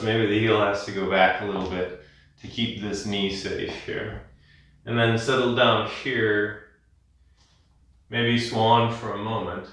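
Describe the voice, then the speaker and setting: A man leading a yin yoga class, giving calm, gentle cues and telling a rambling personal story. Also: lowish voice. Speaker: yoga instructor. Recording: echoey room, distant mic.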